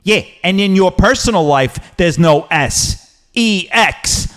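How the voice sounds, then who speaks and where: A man's voice: sits high, animated, slow, fairly bright tone. A man co-hosting a comedy talk show, heckling and saying "bro" constantly. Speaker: comedy podcast co-host.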